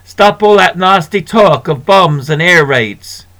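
A man's voice: sits high, lively intonation, takes it slowly, fairly bright tone, exaggerated voice. A man doing a hearty shopkeeper woman. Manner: hearty, reassuring. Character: motherly working-class shopkeeper woman, cheerful.

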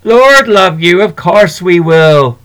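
A man's voice: high-pitched, expressive, slow pace, fairly bright tone, voice pushed up, heavily acted. A man voicing a cheerful, motherly shopkeeper woman in a storybook reading. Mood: hearty. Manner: hearty, reassuring.

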